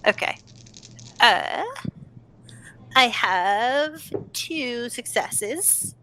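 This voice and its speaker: A woman's voice: fairly high pitch, animated, slow pace, bright, forceful tone, slight background noise. A woman playing a tabletop game, who haggles in character in a playful way. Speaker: player.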